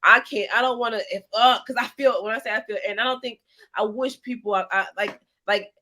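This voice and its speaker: Bright-voiced woman in eager casual chat. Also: a little high, steady tone, a little hiss or hum. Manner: eager, halting, trails off.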